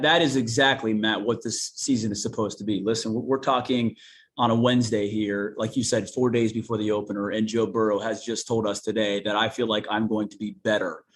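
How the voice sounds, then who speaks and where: A man from Newark, Ohio, with a Central Ohio accent, a TV sportscaster talking as a guest in an animated, folksy way. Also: on the low side, moderate pace. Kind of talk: casual sports interview.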